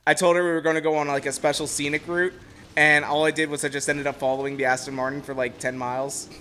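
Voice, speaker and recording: A young man from Ohio giving casual, rambling commentary while streaming a racing game, getting excitable when telling stories. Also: on the high side, fast, slight background noise. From Ohio, USA. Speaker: gameplay streamer.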